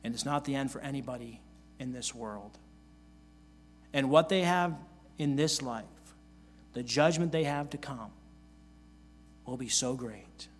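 A man's voice: medium pitch, measured pace, long pauses. A male pastor preaching a sermon in an earnest manner, reading scripture aloud and repeating key phrases for emphasis.

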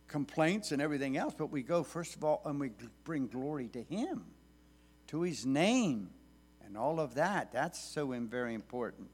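A male preacher giving a sermon, speaking deliberately and pausing on fillers, rising and pressing harder when he reads scripture. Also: very animated, slightly rough. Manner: measured, deliberate delivery with hesitant fillers; rises in pitch and force when reading scripture aloud.

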